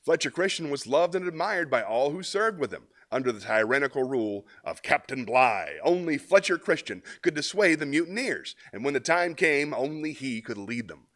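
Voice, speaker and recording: A man's voice: a little high, lively intonation, moderate pace, few pauses, fairly bright tone, pitched above the performer's own voice. A man doing an earnest shoe-store manager. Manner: earnest, emphatic storytelling. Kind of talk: comic monologue reading.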